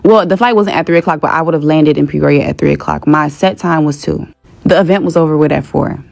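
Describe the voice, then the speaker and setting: A woman's voice: deep voice, quick pace, vocal fry, a little mellow. A young woman telling a story in a casual, exasperated rant with plenty of swearing. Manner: profane, exasperated.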